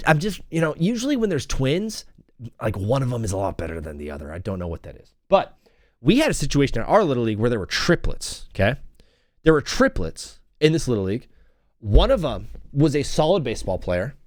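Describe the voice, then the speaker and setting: This young man hosts a casual solo podcast, wandering through stories and sing-song chants of old cheers. His voice is a little high, and the studio-quality recording has no echo.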